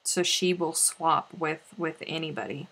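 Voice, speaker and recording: A woman's voice: sits low, steady tone, unhurried, fairly bright tone. A woman hosting a live crafting stream, reading out viewer comments in a playful, chatty way. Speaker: crochet livestream host. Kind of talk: casual live-stream chat.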